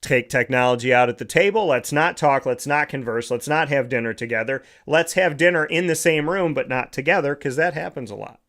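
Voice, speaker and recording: A man's voice: mid-range voice, fairly quick, few pauses, fairly bright tone. A male host giving a motivational monologue, lecturing and often tossing in rhetorical questions like "right?".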